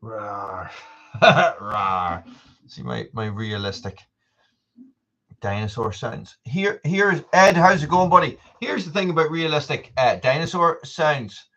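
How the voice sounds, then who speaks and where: A man's voice: fairly high pitch, expressive, unhurried, fairly bright tone, dull audio. A man hosting a casual live stream, rambling and chatty as he greets viewers by name.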